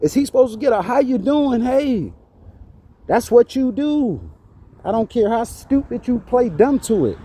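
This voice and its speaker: A man's voice: extremely high pitch, sing-song, normal speed, dark tone, slightly rough. Indignant, preachy man ranting outdoors. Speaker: vlogger. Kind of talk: ranting monologue to camera. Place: outdoors outside a church.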